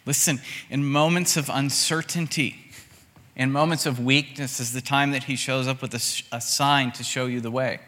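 A man's voice: medium pitch, normal speed. A man preaching a sermon in a conversational, storytelling way, voicing the people in his stories. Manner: conversational storytelling with lively voiced quotes. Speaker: pastor. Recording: long hall reverb.

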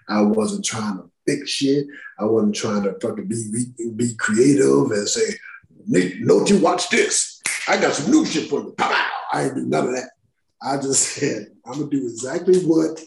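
A man, a podcast guest who is an actor, telling stories in a casual, profane, animated way and acting out quotes. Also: on the low side. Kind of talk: casual storytelling interview. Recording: roomy echo.

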